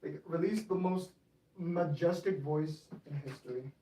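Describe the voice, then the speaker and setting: A young man streaming his model railway layout in casual commentary, excitable and prone to yelling at the trains. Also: on the high side, measured pace, a little hiss or hum. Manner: excitable, yells at toy trains.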